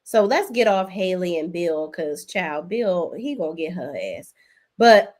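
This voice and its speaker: A woman's voice: on the low side, unhurried. Chatty woman recapping soaps to her chat. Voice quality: chatty, animated, talks to chat directly. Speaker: host. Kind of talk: casual live-stream soap opera recap.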